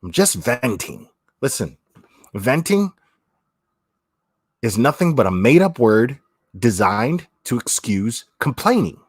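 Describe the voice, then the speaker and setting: A man holds forth on his livestream in a blunt, profane way, repeating himself for emphasis. His voice is husky and swings up and down a lot. The sound is dry and close. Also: medium pitch, very animated, slow pace, pauses often, no room sound. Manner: blunt, swearing, repeats phrases, says "man" often. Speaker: livestream host. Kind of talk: blunt opinionated livestream talk.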